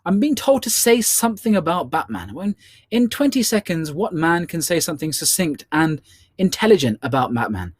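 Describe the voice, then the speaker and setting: A man's voice: fairly high pitch, sing-song, normal speed, husky, dry recording, studio quality. A man with a British accent hosting a live online charity quiz, upbeat and full of playful ad-libbed asides. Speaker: quiz host.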